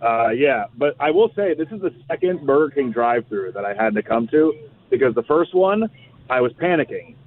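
A man's voice: mid-range voice, lively intonation, normal speed. Man on a tinny phone line. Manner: dry, slightly hesitant, stumbles over words. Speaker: radio co-host calling in from a drive-thru. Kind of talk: casual on-air banter. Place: car at a drive-thru.

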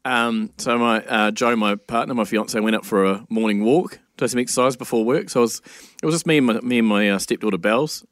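A man's voice: medium pitch, a little fast, fairly bright tone, dry recording, studio quality. A man, hosting a radio show and telling a chatty anecdote with laughs. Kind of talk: casual on-air storytelling. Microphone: studio microphone.

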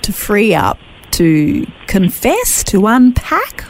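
A woman hosts a radio interview, prompting her guest with gentle questions and short affirmations. Her pitch moves in a lively, melodic way. She is recorded cleanly in the studio. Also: takes it slowly, slight background noise, poor audio. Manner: encouraging, with frequent short affirmations.

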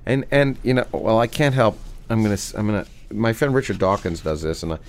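A middle-aged male physicist and author being interviewed, talking with animated enthusiasm and many restarts. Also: lowish voice, a little fast. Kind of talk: conversational interview, reading aloud from his book.

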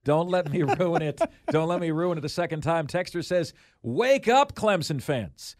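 Sports radio host, man, fairly high voice, dry studio sound, animated banter. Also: a little fast, dry recording. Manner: animated, self-deprecating banter. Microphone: studio microphone.

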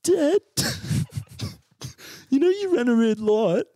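A man voicing his whiny young brother as a small boy, in a much higher voice than his own. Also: sing-song, very slow, warm tone, no echo, exaggerated voice. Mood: whiny kid. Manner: high whiny, complaining. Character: crying young boy, little brother in a car.

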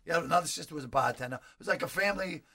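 An older man, a comedian telling animated stories and acting out the people in them. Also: on the high side, rapid-fire, vocal fry, a crowd in the background. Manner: animated, acts out voices of people in his stories. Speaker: comedian guest. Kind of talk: storytelling anecdotes.

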